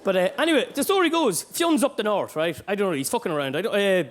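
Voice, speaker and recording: A man from Dundalk with an Irish accent doing a stand-up routine, animated and sweary, with shouty bursts, recorded live in a club. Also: high-pitched, fast talker. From Dundalk, Ireland. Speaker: stand-up comedian.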